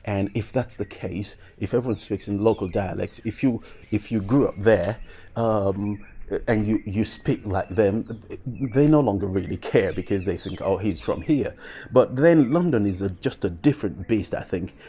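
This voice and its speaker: A man talking through his thoughts in a casual commentary video, pausing often with fillers and restarts. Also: lowish voice, warm tone. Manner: reflective, with frequent fillers and restarts. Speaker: vlogger.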